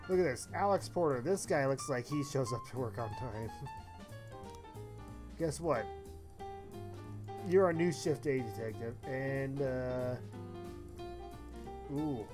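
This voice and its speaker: A man commenting on a game during a live stream, crude and profane, laughing between his jokes. His voice sits in an ordinary middle range. Loud game music plays clearly behind him. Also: medium pitch, lively intonation, slow pace, pauses often, poor audio.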